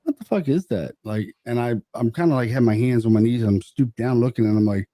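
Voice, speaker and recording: A man co-hosting a podcast, telling stories in animated, profane casual chat. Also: medium pitch, quick pace, no room sound. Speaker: podcast co-host.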